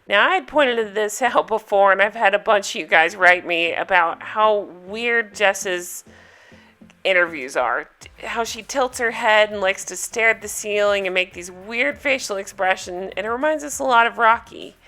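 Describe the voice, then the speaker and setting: A woman with a bright, sharp voice hosts a casual recap, gossiping and teasing with dry sarcasm. She talks straight to her listeners at a middle pitch, lively and quick to joke. Faint music sits low behind her. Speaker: podcast host recapping reality TV.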